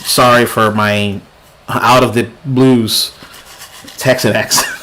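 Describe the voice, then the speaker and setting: A man's voice: medium pitch, steady tone, takes it slowly, pushed and bright, slight background noise. A young man hosting a gaming livestream, chatting casually with viewers, laughing often and trailing off and restarting his sentences. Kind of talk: casual live gameplay commentary.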